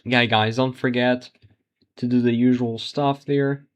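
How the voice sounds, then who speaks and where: Male livestream host, casual live results commentary, halting and chuckling. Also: medium pitch, little pitch movement, lo-fi sound. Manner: thinks aloud, restarts sentences, laughs at surprises.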